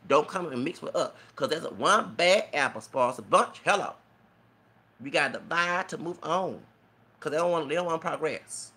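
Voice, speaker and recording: A man's voice: on the high side, expressive, normal speed, bright, forceful tone, husky. A man giving an emotional, preachy, rambling rant as a vlogger. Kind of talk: impassioned rant to camera.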